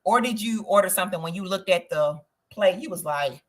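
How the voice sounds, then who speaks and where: A woman hosting a live travel stream, chatting in an animated way and talking straight to her viewers. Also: fairly low pitch, brisk, hardly any pauses. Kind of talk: casual livestream chat.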